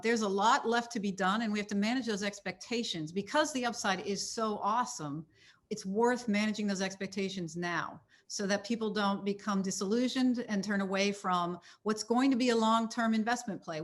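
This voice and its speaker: A woman speaking as a panel guest, earnest and emphatic. Her voice sits at an ordinary middle pitch, and she keeps checking in with her listeners as she makes her points. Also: moderate pace. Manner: earnest, emphatic, frequent "right?" tags. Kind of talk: panel discussion remarks.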